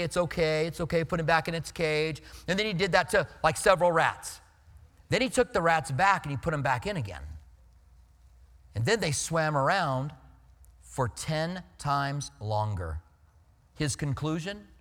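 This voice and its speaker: A male pastor preaches a sermon in a conversational, storytelling style, speaking emphatically and lowering his voice for serious points. His tone is a bit bright, with a big-room sound.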